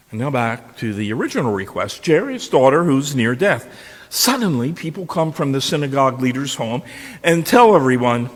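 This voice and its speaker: A man's voice: medium pitch, big pitch swings, moderate pace. A man preaching a sermon, retelling a story and posing rhetorical questions to his listeners. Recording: long reverb of a large hall.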